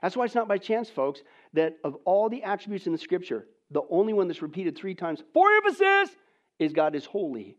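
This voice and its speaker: A man preaching a sermon, swinging between hushed, near-whispered lines and loud, emphatic ones, and asking the audience rhetorical questions. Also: sits high, very animated, fairly quick. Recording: dull lo-fi recording.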